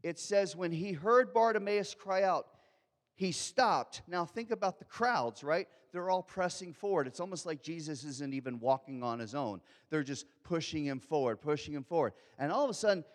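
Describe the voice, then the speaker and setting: A man preaching a sermon as pastor, acting out quotes and swinging between loud, urgent lines and hushed, quiet ones. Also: a little high, big-room sound.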